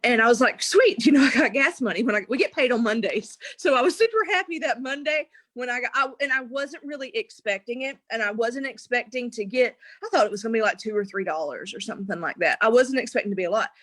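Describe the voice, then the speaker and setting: Lively young woman telling her story. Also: fairly high pitch, fast, hardly any pauses, no echo. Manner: animated, acts out quotes, laughs often. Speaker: guest. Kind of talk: casual storytelling.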